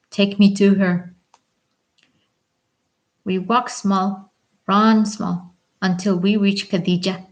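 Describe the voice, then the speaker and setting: A woman reading a novel aloud, softly voicing the characters in turn. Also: lowish voice, poor audio. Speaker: audiobook reader.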